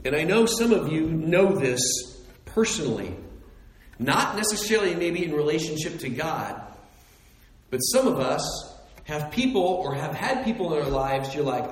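A man preaching a sermon as pastor, animated, repeating phrases and acting out the voices of people he quotes. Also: a little high, moderate pace, reverberant, big-room sound, low-quality recording.

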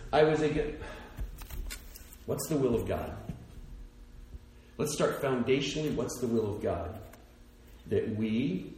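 A man preaching a sermon, dropping soft and low for hushed passages and climbing to near-shouts at the peaks. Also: roomy sound, slight background noise, low-quality recording. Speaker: pastor.

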